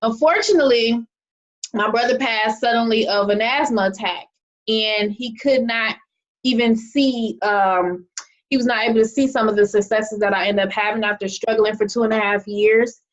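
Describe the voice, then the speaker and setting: A young adult woman, an online marketing presenter, gives a casual, chatty presentation over a video call, often checking in with "okay?". Her voice is on the high side at a normal speed, and the video call microphone yields muffled audio.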